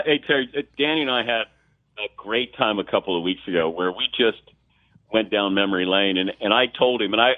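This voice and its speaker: Sportscaster guest from Ohio, phone-in, animated storyteller; tinny line, no room sound. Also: male voice, on the low side, no room sound. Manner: animated storyteller, acts out quotes. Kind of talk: phone-in radio interview, storytelling.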